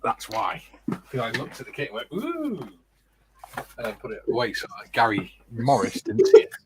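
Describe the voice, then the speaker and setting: This middle-aged livestream host and scale modeller has a mid-range voice and talks fairly quickly, with background noise present. He reads viewer comments out and jokes with friends on his casual modelling stream.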